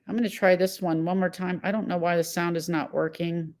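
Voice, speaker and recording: A woman's voice: fairly low pitch, fairly even intonation, a little fast, darkish tone. A woman hosting a casual live-stream commentary, agitated and blunt, reading chat messages and answering viewers by name. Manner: rambling with fillers and self-corrections.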